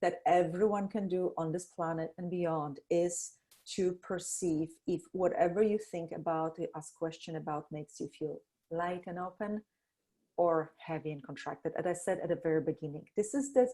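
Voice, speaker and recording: A middle-aged woman talking as a podcast guest about energy and intuition, animated, laughing often and acting out the voices she quotes. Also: fairly low pitch. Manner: slows to a soft guiding tone in exercises. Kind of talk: conversational interview.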